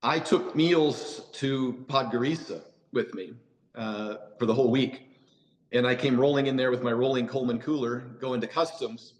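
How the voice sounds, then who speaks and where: A man's voice: medium pitch, normal speed, low-quality recording. An American man, a podcast guest, telling stories casually with many "you know" asides and restarts. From United States. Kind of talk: casual storytelling in a podcast interview.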